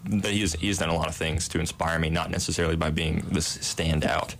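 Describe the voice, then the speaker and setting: A man's voice: extremely low pitch, level tone, quick pace, a bit bright, slight background noise. A young man, a residence hall director, answering interview questions in a modest, self-deprecating way with easy laughs.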